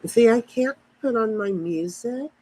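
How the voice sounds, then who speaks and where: Brief: woman livestream host, high and husky, rambling backyard chat with viewers into a phone. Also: expressive, a little slow, warm tone, poor audio. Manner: rambling, answers live chat comments. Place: outdoors in a backyard.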